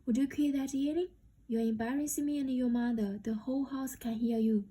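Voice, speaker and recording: Firm scolding young woman, read by a woman, higher pitched, husky. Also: steady tone, fairly quick, dark tone.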